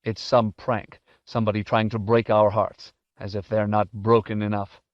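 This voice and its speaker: Old father figure, gruff and doubting, loud and blunt, as a male reader plays him; dull, dry sound. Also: on the low side, a little slow, no room sound, natural voice. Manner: gruff, disbelieving.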